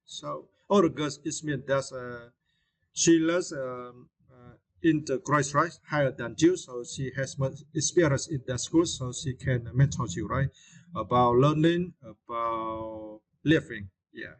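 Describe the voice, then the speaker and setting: A man's voice: medium pitch, rough recording. Hesitant man teaching English vocabulary. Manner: hesitant, many fillers and tag questions; repeats words slowly to model stress. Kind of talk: spoken vocabulary lesson.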